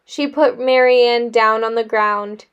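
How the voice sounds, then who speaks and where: A woman teacher reads a children's novel aloud to her class in a measured, expressive way. Her voice sits high and she takes her time, letting each sentence land. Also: clean tone, highs cut off.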